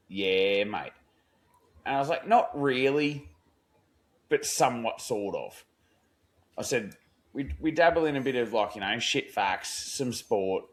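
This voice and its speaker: A man's voice: on the low side, animated, normal speed. An Australian man spins a long yarn on a podcast, full of slang and swearing. He acts out what each person in the story said. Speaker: podcast co-host. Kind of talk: casual storytelling chat.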